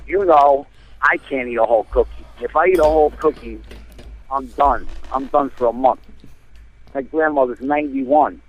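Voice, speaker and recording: A man from New Jersey, calling in and telling a rambling, animated story with lots of fillers. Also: mid-range voice. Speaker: caller. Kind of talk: casual storytelling. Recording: tinny phone line.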